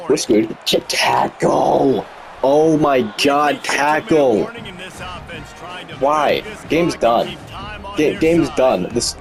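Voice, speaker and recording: A man's voice: mid-range voice, low-quality recording. A man giving live commentary over his own football video game, exasperated, self-mocking and pleading with the players. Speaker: gaming commentator.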